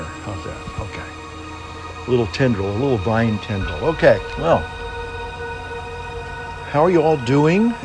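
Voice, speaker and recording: An older man talks in an unhurried drawl, pausing often to hum appreciatively as he chats with viewers. He sits out on a veranda while music plays clearly behind him. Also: medium pitch. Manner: leisurely, savoring, humming "mm" between phrases. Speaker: pipe-smoking vlogger. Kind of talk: relaxed casual chat to viewers. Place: outdoors on a veranda deck.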